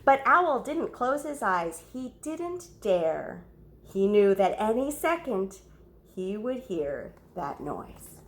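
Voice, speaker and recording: A woman reading a story aloud to children, pausing to ask the young listeners questions and gasping or whispering for effect. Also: mid-range voice, big pitch swings, slight background noise.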